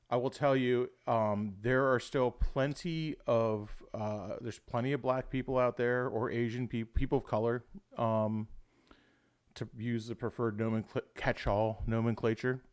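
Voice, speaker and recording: A young adult man rambling through a casual livestream chat at a mid-range pitch. He swears freely and keeps dropping "dude" into his sentences, in a loose, unscripted way. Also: darkish tone. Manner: rambling, swears often, says "dude" a lot. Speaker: livestream host.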